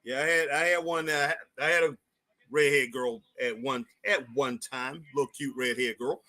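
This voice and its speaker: A man's voice: mid-range voice, normal speed, bright, forceful tone. A man hosting a casual live stream, chatting loosely and repeating himself as he answers viewers. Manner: chatty, repeats phrases, talks to chat viewers. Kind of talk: casual live wrestling chat.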